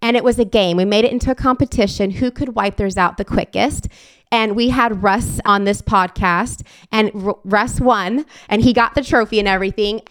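A woman's voice: medium pitch, normal speed, no echo. A woman in her forties hosting a podcast, telling heartfelt stories in an earnest, emotional way. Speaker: podcast host. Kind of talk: casual podcast conversation.

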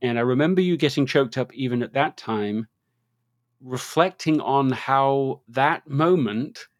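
A man of middle pitch hosts an interview and reflects earnestly on a story his guest has just told. His voice is close and dry, with no room sound around it. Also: unhurried, dry recording. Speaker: host. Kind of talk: interview conversation.

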